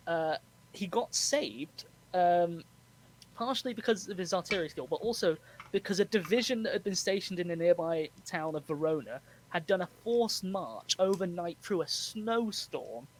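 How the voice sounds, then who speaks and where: Podcast host, man, slightly high voice, chatty explainer who laughs a lot, faint noise behind. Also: animated, moderate pace, poor audio. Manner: laughs often, history explainer. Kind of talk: casual storytelling chat.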